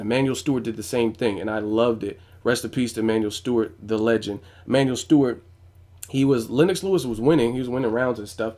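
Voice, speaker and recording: A man's voice: mid-range voice, darkish tone. A man giving casual, blunt boxing commentary on his vlog, with plenty of profanity. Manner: casual, blunt, profane, frequent "you know what I'm saying". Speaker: boxing YouTuber.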